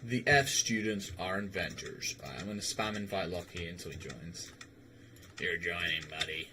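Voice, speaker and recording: A man's voice: low-pitched, moderate pace, noisy background. A young man streaming a game, chatting casually with viewers and rambling, stammering and swearing. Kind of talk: casual livestream chat while gaming.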